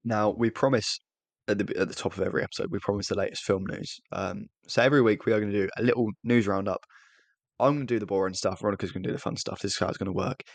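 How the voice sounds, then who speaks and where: A man's voice: lowish voice, fairly even intonation, racing, creaky, dry recording. A young British man co-hosting a podcast in casual chat, rambling and self-deprecating with frequent restarts. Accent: British English. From Britain. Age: young adult. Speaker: podcast co-host.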